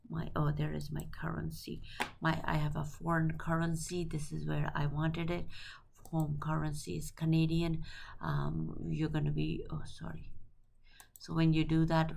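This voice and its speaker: A woman teaching accounting through a software walkthrough, halting and thinking aloud with many fillers and self-corrections. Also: sits low, creaky, husky. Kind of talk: screen-recorded software tutorial.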